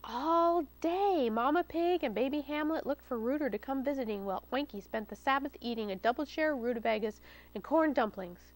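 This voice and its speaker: A woman, a children's librarian, reading a story aloud at storytime in a lively, expressive way. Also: sits high, a little fast, low-quality recording. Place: studio taping for local cable TV.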